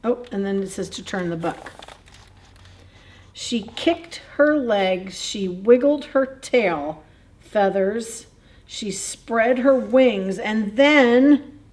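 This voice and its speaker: A woman's voice: mid-range voice, darkish tone, slight background noise. A woman librarian reading a picture book aloud at a children's story time, in a playful, chatty way, chuckling and asking the kids questions.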